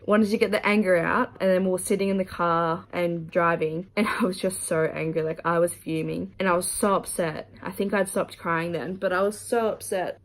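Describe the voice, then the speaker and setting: Young woman, casual vlog, frank and heated, swears freely, slightly low voice. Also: fairly even intonation, normal speed, few pauses, rough recording. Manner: candid and emotional, swears freely. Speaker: vlogger.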